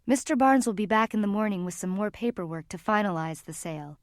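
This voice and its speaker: A woman's voice: mid-range voice, expressive, fast, no room sound, clean studio sound, natural voice. A woman narrator voicing a worried, tired middle-aged mother who talks in a strained, pleading way near tears. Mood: weary.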